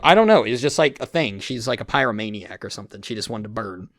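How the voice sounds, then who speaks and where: A man's voice: on the low side, expressive, quick pace, a bit bright, dry recording, clean studio sound. A man hosting a casual podcast who tells rambling, profane stories with many restarts. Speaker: podcast host.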